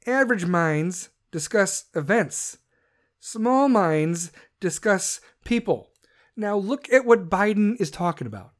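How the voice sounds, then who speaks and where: A man, a parent, delivering a heated, profane rant that keeps stumbling and restarting. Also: high voice. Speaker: parent ranting on camera.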